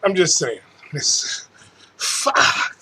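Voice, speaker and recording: This host's voice sits on the high side, sharp and slightly rough, animated and stretching out words, captured in a rough recording. His angry political rant on his own show is laced with profanity and stumbling restarts.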